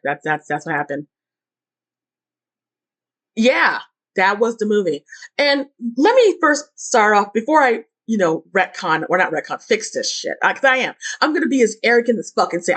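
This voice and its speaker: A woman giving a casual, rambling movie review, frustrated and full of restarts. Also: mid-range voice. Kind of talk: casual ranting film review.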